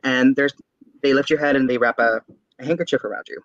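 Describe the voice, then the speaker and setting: Brief: young adult man, interview guest, bright tense voice, lively storyteller who laughs and mimics, slightly muffled dry audio. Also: medium pitch, fast talker, dry recording. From San Diego, California. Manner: animated storyteller, acts out voices, laughs often. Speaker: guest, tarot reader.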